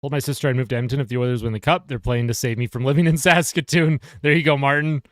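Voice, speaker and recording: A man's voice: mid-range voice, steady tone, racing, a bit bright, dry recording, clean studio sound. A man casually commenting on a hockey game on a live stream, reading and answering viewer chat. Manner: chatty, reads chat aloud and answers viewers.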